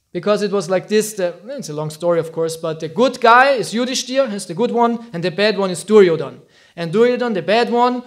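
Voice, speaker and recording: A man giving an informal storytelling talk as a teacher, animated and acting out quotes with frequent laughs. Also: high voice.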